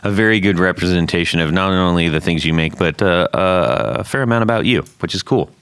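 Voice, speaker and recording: A man's voice: sits low, brisk, fairly bright tone, smooth, no echo. A man hosting a podcast in casual chat, joking around with his co-hosts, on a close studio mic. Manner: jokey, playful banter. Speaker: podcast host. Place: home studio around a dining table.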